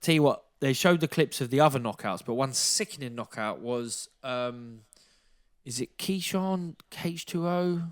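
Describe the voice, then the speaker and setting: A man, telling a lively, sweary story in casual podcast chat and acting out the lines of people he met. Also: mid-range voice, measured pace. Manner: animated anecdote-telling, swears freely, acts out quotes. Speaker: podcast co-host, former boxer.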